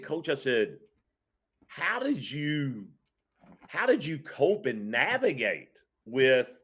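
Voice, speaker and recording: A man who coaches high school football, speaking casually on a podcast, reflective and earnest, often restarting his sentences. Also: fairly bright tone. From Kentucky.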